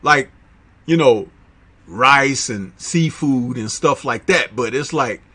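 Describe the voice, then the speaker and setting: A man with a Chicago accent hosting a casual live chat, reading out viewer comments in a slangy, animated way and laughing often. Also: medium pitch, slow, breathy edge. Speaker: livestream host reading chat.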